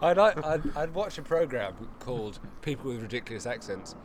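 A man bantering on a casual comedy podcast, dry and playful. His intonation is animated and full of movement. Soft street noise drifts in from outside. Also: medium pitch, a little fast. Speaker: podcast co-host.

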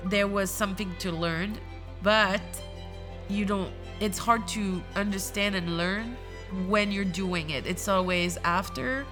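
A woman in her thirties giving a halting, emotional personal testimony at church. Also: medium pitch, over music. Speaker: church member sharing testimony.

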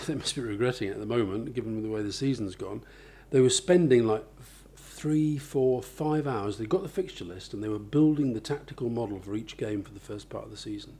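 Husky, mellow man explaining ideas. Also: on the low side, brisk. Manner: thoughtful, explains with examples, many restarts. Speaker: author and interviewee. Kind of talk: conversational interview.

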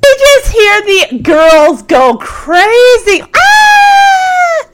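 A woman casually recapping a TV episode, giggly and animated, acting out the lines. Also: high-pitched, a little slow, very noisy. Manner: giggly, animated, acts out quotes. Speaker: recap host.

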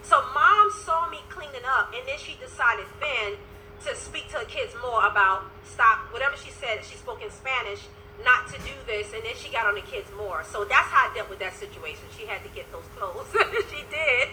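A woman speaking as an inspirational life coach on a casual phone livestream, her voice pitched on the high side and strikingly bright and piercing. She tells stories to her viewers with animated energy, sprinkling in praise to God as she goes. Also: moderate pace, a little hiss or hum, poor audio. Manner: animated storytelling with religious interjections.

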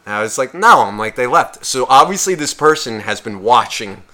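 A man's voice: mid-range voice, normal speed. A man co-hosting a podcast, telling a bar story in casual chat, swearing a lot and acting out what others said. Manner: profane, animated, quotes others in shifting voices. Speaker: podcast co-host.

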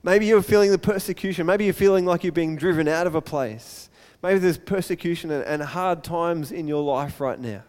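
High-voiced pastor preaching. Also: male voice, moderate pace, few pauses. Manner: animated storytelling, acts out crowd voices. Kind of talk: sermon. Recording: long hall reverb.

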